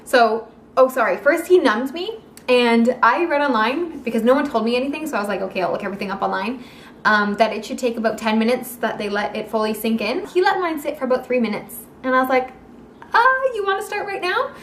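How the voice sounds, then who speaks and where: A young woman telling a personal story in a casual vlog, animated and acting out the quoted lines of the people in it. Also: a little high, fast, slight background noise. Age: young adult. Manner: animated, acts out quoted dialogue. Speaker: vlogger. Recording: echoey room.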